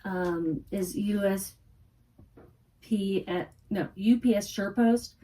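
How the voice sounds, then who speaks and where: A woman's voice: mid-range voice, slow pace, warm tone. Chatty woman with a light Texas accent. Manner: chatty, thinks aloud, self-correcting. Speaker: online reseller. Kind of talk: casual chat while packing orders.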